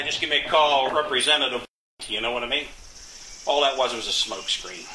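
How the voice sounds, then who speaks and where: A man's voice: on the high side, pushed and bright, echoey room, distant mic, a little hiss or hum, rough recording. An older man in a casual interview, telling folksy, indignant stories about his community, restarting and repeating words as he goes. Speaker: interviewee, local resident.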